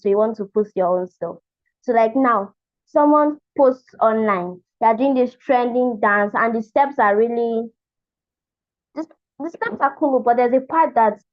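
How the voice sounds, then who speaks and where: A woman's voice: on the high side, highs cut off. A woman facilitating an online class for girls, thinking aloud and searching for her words.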